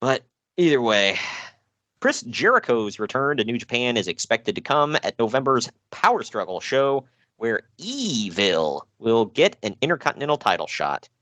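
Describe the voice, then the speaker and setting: A man with a mid-range, sing-song voice and a fairly bright tone hosts a casual podcast at normal speed, with no room sound. He reads wrestling news with jokes, self-deprecating humor, and frequent laughter.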